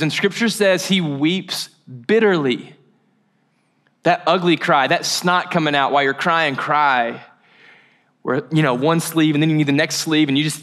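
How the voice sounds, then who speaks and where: At a church service, a man with a slightly high, fairly bright voice delivers a casual sermon. He tells the story in a chatty, joking manner and then leads a guided meditation.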